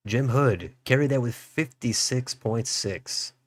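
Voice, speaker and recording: A man's voice: medium pitch, takes it slowly, dry recording. A man hosting a political livestream, musing aloud as he reads out election results. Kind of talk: live election results commentary.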